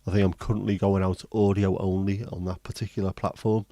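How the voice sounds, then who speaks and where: A man's voice: low voice, little pitch movement, brisk, warm tone, no echo. A man hosting a livestream, chatting casually, joking and swearing as he reads viewer comments. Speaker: livestream host.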